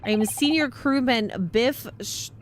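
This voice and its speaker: A woman voicing a rude, gruff young male sailor who guards a cabin and speaks in blunt, broken English. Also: a little high, unhurried, slight background noise, close to an everyday voice.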